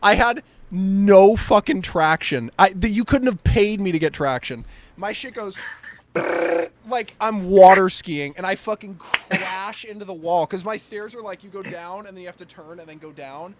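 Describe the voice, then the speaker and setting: Young guy, high voice, swearing a lot, acting stuff out on a casual comedy podcast. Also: moderate pace. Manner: animated, profane, reenacts scenes with sound effects. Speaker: podcast host.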